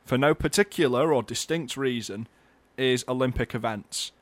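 A man co-hosting a comedic radio show, joking in a dry, playful, deadpan way. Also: mid-range voice, normal speed, no room sound. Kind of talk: comedic casual chat.

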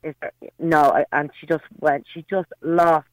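A woman's voice: low voice, fairly even intonation, moderate pace, no room sound, poor audio. An Irish woman calling in to a radio show, telling a story in a chatty way with plenty of hesitant fillers. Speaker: caller. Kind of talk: phone-in chat.

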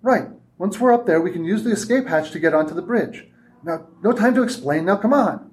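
A man reading aloud and voicing an eager, quick-thinking young woman who speaks breathless and excited. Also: medium pitch, voice pushed up, lightly acted.

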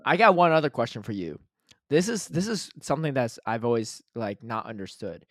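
A man's voice: mid-range voice, sing-song, a little fast, dry recording, studio quality. An American man co-hosting a podcast in casual chat, curious and full of questions. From United States. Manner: curious, asks lots of questions. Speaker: podcast co-host.

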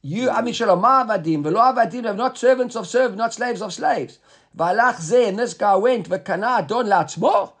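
A man with a high, husky voice teaches a Talmud class. He reads out the Hebrew and Aramaic phrases and then explains each one in plain English. Rhetorical questions keep the lesson moving. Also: expressive, moderate pace, a bit bright. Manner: rhetorical questions, repeated "right?".

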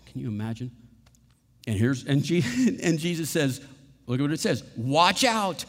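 A man preaching a sermon, animated, acting out little quoted voices and laughing at his own examples. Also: mid-range voice, normal speed, in a large hall. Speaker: pastor.

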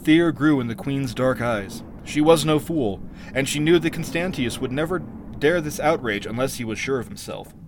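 A man co-hosting a podcast, narrating a story aloud in a lively, expressive way. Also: mid-range voice, moderate pace, noisy background. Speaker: podcast co-host reading aloud. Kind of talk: story narration and casual chat.

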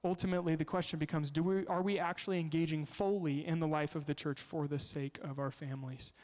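A man preaching a sermon as a pastor, telling stories in an animated way in a church. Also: on the high side, fast talker, big-room sound. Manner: storytelling, animated.

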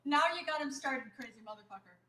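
A woman's voice: high voice, fast talker, crowd noise. A woman from New York co-hosting a casual comedy podcast, giving dry, short replies. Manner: dry, brief replies and giggles. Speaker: podcast co-host.

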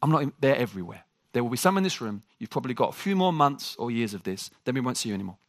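A man preaching a sermon to a congregation. He jokes with the room and talks in an animated way. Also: medium pitch, racing, no room sound.

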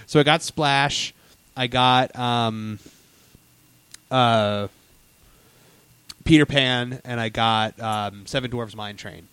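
A man's voice: mid-range voice, fairly even intonation, slow, pauses often, a bit bright, smooth, dry recording. Chatty guy gushing about rides, lots of ums and restarts, dry close mic. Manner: enthusiastic storyteller, lots of fillers and restarts. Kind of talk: casual theme-park chat.

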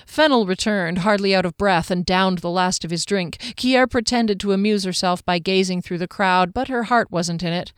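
Woman narrator, audiobook, dry close sound, mid pitch. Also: normal speed, hardly any pauses, no room sound. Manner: steady, clear storytelling. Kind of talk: audiobook fantasy reading.

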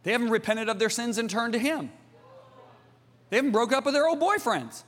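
A middle-aged man preaching a sermon, emphatic and theatrical, jumping from shouts to hushed asides. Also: extremely high pitch, animated, a little fast, in a large hall.

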